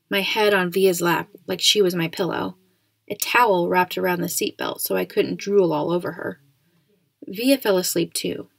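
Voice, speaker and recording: Gravelly woman reading a story aloud. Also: mid-range voice, dry recording. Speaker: audiobook reader. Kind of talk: storybook narration.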